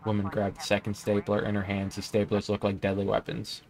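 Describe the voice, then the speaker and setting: Low-key young man playing a game. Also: completely flat delivery, brisk, gravelly, darkish tone. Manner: casual, reads game text aloud in a low-key mumble. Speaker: gaming YouTuber. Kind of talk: let's play commentary.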